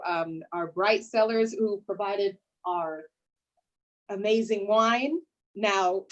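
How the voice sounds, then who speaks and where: A playful, sassy woman hosts a lively online panel, teasing her guest and reading out sponsors. Her voice sits a bit high for a woman, and she keeps calling people honey. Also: muffled recording. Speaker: host. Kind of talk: lively hosted panel talk.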